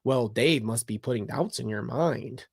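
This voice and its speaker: A man briefly imitating a flat, manipulative middle-aged man in a monotone, low and quiet. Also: moderate pace, gravelly, breathy edge. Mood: coaxing.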